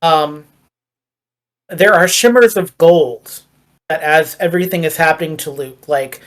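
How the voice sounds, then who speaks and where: A woman's voice: low-pitched, a little slow. A woman running a tabletop game as game master, narrating in a rambling, wry way full of fillers.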